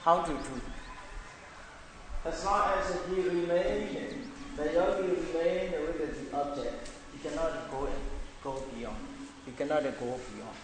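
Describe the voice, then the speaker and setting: Male meditation teacher, unhurried repetitive lecturing, booming room echo with faint background noise. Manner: slow, repetitive explaining, non-native English phrasing. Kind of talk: Buddhist dharma lecture. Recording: echoey hall with long reverb, faint noise.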